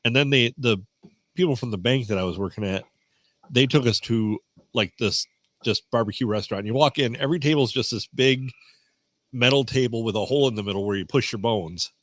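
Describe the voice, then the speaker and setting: A man in a podcast studio telling relaxed, rambling anecdotes in casual chat. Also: mid-range voice, a little fast, dry recording.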